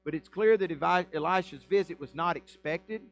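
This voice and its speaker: Conversational pastor preaching a sermon. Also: male voice, fairly high pitch, moderate pace, faint music behind, low-quality recording. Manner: conversational preaching, reads scripture then explains with asides. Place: church.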